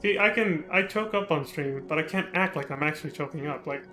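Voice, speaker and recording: A young man chatting casually on a live stream, self-mocking and quick to laugh at himself. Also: fairly high pitch, sharp tone, soft background music.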